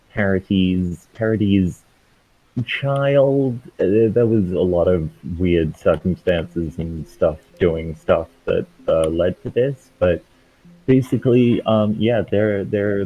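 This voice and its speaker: A man playing in an online tabletop game, describing his character in a hesitant, halting way with many restarts. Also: low-pitched, narrow, tinny audio. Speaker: player. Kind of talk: casual tabletop game chat.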